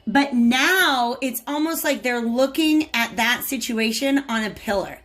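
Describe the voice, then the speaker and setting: A woman's voice: a little high, a little slow, fairly bright tone. A woman giving a casual tarot reading, chatting to viewers and talking to the cards as she goes. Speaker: tarot reader.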